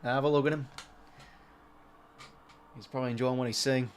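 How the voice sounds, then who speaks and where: An Australian man hosting a live watch-along, calling the play as it happens, getting excited on big plays and chatting to his viewers in between. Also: medium pitch, moderate pace, smooth. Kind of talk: live play-by-play commentary over a match.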